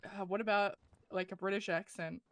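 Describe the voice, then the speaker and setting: A woman's voice: medium pitch, steady tone, moderate pace. A woman in a game roleplay giving orders and reassurances in an urgent, take-charge way. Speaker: roleplay player. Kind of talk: in-character game roleplay chat.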